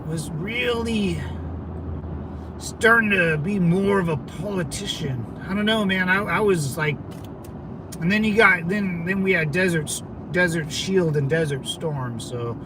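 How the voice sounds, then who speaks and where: A man's voice: on the high side, background noise. A man in his thirties, a Marine veteran hosting his own channel, chatting casually with lots of profanity and fillers as he drifts from topic to topic. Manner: loose, profane, digressive talk with frequent fillers. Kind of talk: rambling casual livestream chat.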